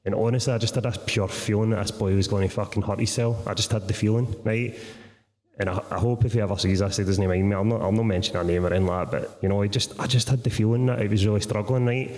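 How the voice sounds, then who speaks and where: A man's voice: on the low side, fast. Sweary Scottish man telling stories on stage. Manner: sweary, animated storytelling with frequent "right?". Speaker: guest author. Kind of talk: live podcast conversation on stage. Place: theatre stage before a live audience. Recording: reverberant theatre hall.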